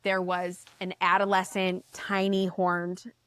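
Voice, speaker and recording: Animated woman telling a story. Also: fairly low pitch, slow, clear, resonant tone, dry recording, studio quality. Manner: animated storyteller, swears, acts out quoted voices. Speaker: podcast guest. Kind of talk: casual storytelling chat.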